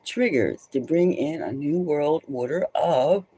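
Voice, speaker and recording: Husky, mellow, animated tarot reader. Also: medium pitch, a little slow. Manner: emphatic, repeats phrases for stress; loose and conversational, many restarts. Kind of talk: rambling spoken commentary.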